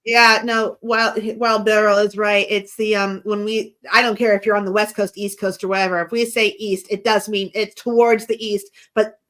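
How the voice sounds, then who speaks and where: A woman's voice: medium pitch, little pitch movement, moderate pace, few pauses, a bit bright. A woman from the United States chatting casually and explaining things patiently, laughing easily. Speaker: guest co-investigator. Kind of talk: casual chat.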